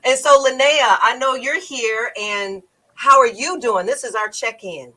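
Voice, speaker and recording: A woman hosting a casual chat, lively and teasing, laughing often. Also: on the high side, unhurried, low-quality recording. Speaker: host.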